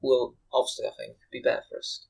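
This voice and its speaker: Talking fast in a creaky, slightly mellow, medium-pitched voice with little pitch movement, a young British man co-hosts a casual podcast with friends. He explains at length with lots of ums and uhs, chatty and hesitant, and the recording is rough.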